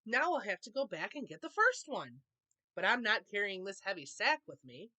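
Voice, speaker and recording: A woman voicing a greedy, spiteful male elf in a storybook read-aloud, with a shrill, blustering manner. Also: very animated, moderate pace, sharp tone. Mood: gleeful.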